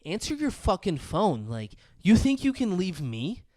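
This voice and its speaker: Brief: a man doing an unhinged high-school boy, loud, high-pitched and ranting, with a dry, close sound. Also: lively intonation, normal speed, clean tone, no echo, natural voice. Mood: furious. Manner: ranting, swinging between threats and pleading. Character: volatile, obsessive teenage boy leaving voicemails.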